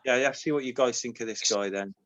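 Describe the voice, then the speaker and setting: A man's voice: medium pitch, quick pace, fairly bright tone, a little hiss or hum. Rambling man, a bit muffled. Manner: rambling and self-mocking. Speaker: league member on a call. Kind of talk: casual chat.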